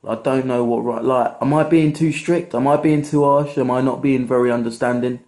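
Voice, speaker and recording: A man's voice: medium pitch, fairly even intonation, a little fast, darkish tone. A young man, ranting casually to camera in a rambling, sweary, exasperated way. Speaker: vlogger.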